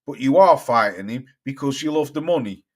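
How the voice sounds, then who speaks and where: A man's voice: mid-range voice, lively intonation, brisk. A middle-aged British man hosting a boxing live stream, talking bluntly and swearing as he reads out viewer comments. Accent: British English. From United Kingdom. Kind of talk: casual live-stream chat reading comments.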